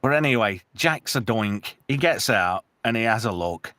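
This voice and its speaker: A man hosting a casual movie podcast, lively and quick to laugh. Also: on the low side, no room sound. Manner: animated, laughs often, does mock voices of characters. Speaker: podcast host.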